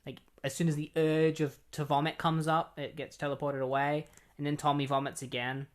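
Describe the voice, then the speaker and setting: A man's voice: fairly high pitch, little pitch movement, brisk. A man casually retelling a comic story in a rambling, incredulous way, full of filler words. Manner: incredulous, keeps insisting he is not kidding. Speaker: comic book reviewer.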